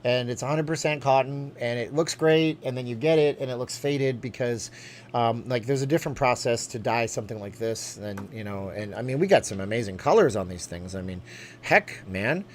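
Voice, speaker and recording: A man from Canada hosting a live stream, chatting and answering viewer questions in a rambling, animated way. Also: mid-range voice, moderate pace, a little hiss or hum. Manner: chatty and animated, jumping between topics.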